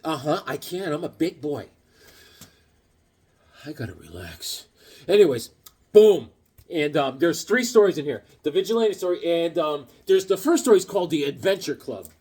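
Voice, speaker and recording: Animated high-voiced jokey man. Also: moderate pace, slightly rough. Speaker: comic book collector showing his haul. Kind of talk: casual chat.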